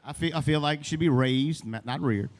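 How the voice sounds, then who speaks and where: On a comedy club stage, a Louisiana man in his fifties does his first open-mic stand-up set, telling stories in a rambling, folksy, long-winded way. His voice is a little high and brisk, with a big-room sound.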